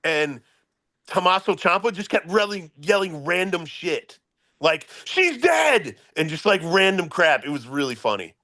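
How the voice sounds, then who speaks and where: A man co-hosting a casual wrestling talk show, retelling moments with deadpan humor. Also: fairly high pitch, normal speed, no echo. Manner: storytelling, deadpan jokes. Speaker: wrestling podcast co-host. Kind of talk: casual chat.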